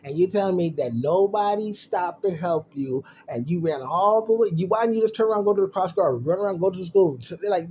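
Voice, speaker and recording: Mellow-voiced man telling a story. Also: high voice, a little fast, slight background noise. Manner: animated, profane and slangy, acts out quotes. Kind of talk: casual storytime.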